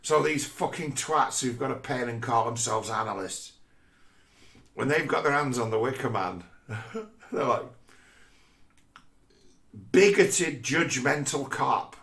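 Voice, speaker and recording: A man's voice: mid-range voice, a little slow, gravelly, pauses often, fairly bright tone. A man in a rambling, profane casual rant who often stumbles and repeats words mid-thought.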